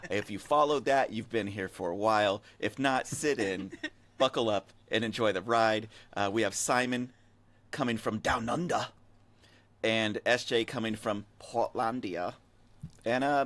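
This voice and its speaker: A man's voice: lowish voice, a bit bright. A man hosting a casual podcast, rambling and joking as he runs through the show. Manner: rambling, jokey, quick asides. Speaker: podcast host. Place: desert region.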